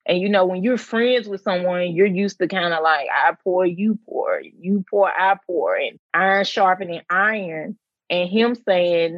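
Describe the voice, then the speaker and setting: A woman's voice: on the low side, measured pace, no room sound, muffled recording. A woman, a teacher and mother, talking earnestly and reflectively about faith and rest in a casual conversation. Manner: earnest, reflective, quotes others in lively voices. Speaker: mother of twins. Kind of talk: faith conversation, personal sharing.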